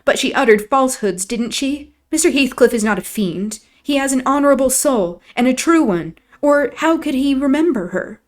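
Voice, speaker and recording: A woman's voice: sits high, animated, moderate pace, hardly any pauses, voice pushed up. A woman reading aloud, voicing a tearful, infatuated young girl who pleads in a raised, wounded voice.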